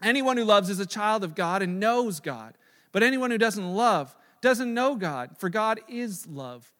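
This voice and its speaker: A man in his thirties preaching a sermon, telling a story in a conversational, animated way with fillers and restarts. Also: sits high, unhurried. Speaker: pastor. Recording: long reverb of a large hall.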